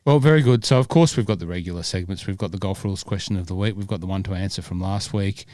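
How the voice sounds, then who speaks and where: A man's voice: sits low, fast, a little mellow, no echo, studio quality. A man, born in Scotland, hosting a golf podcast in rambling casual chat full of fillers and restarts. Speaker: podcast host.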